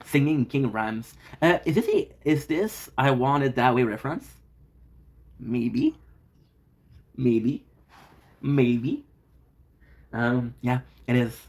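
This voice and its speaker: A man's voice: medium pitch, takes it slowly, pauses often, darkish tone. A man streaming from his home kitchen, chatting casually with viewers in a playful, teasing, joking way. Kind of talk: casual live-stream chat.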